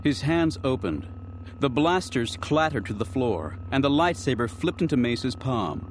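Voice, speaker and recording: A man narrating an audiobook in an expressive, dramatic reading style. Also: medium pitch, unhurried, over music. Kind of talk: scripted narration.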